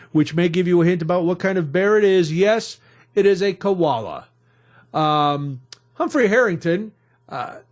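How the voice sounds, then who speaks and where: High-voiced jokey male radio host. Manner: jokey, rambling storyteller. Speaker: radio talk show host. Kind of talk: casual radio banter and news recap. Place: radio studio.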